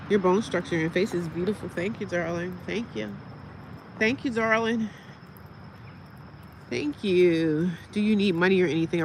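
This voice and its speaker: A woman's voice: mid-range voice, background noise. A woman in her forties chatting casually on a live stream outdoors by her car, talking to viewers and answering their comments as she goes. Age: 40s. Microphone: phone on a tripod.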